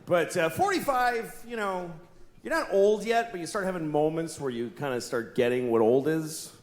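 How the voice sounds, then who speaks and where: A man's voice: a little high, animated, normal speed. A man in his forties performing a stand-up comedy routine in a wry, rambling, self-mocking way. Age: 40s. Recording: echoey room with noise.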